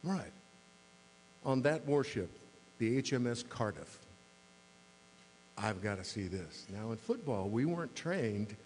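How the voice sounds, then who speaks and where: A man's voice: medium pitch, a little mellow. A man in his sixties giving a mayor's talk to a club, telling wry, self-deprecating stories. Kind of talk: humorous anecdotal speech. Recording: reverberant hall with faint mains hum.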